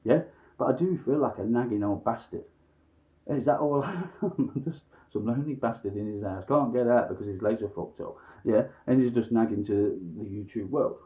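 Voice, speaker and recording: A man telling a long grievance story at home, blunt and sweary, chuckling between complaints. His voice sits at an ordinary middle pitch. The sound is thin and phone-like. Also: animated, brisk. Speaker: vlogger. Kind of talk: casual ranting monologue.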